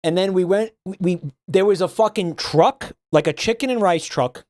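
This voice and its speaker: A man's voice: high voice, normal speed, darkish tone, dry recording, studio quality. A man streaming, chatting casually and swearing freely, often breaking into laughter. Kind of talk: casual chat reacting to a game.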